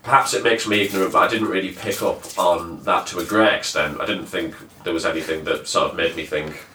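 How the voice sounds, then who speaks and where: A man's voice: low voice, a little fast, sharp tone, far from the mic, a little hiss or hum. A man hosting a casual film review, rambling with lots of fillers and restarts, recorded in an echoey room some way from the mic. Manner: rambling, hesitant with many fillers. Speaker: podcast host reviewing a film.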